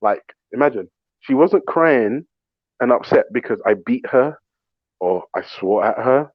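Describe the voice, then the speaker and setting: A man hosts a casual talk show, telling stories with a very lively, swinging pitch. He slips into mimicry of other people's voices. His audio comes through a muffled, lo-fi remote call with a dry sound. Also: a little slow, no echo. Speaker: show host. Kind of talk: casual storytelling chat.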